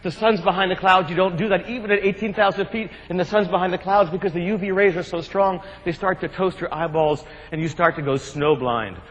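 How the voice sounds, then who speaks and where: A man from New Jersey speaks to a live audience, spinning adventure tales with quick jokes and animated asides. His voice sits on the higher side for a man. The sound carries a long reverb from a large hall. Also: muffled recording. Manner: animated, jokey, acts out shouts and quotes. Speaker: keynote speaker. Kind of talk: humorous storytelling speech.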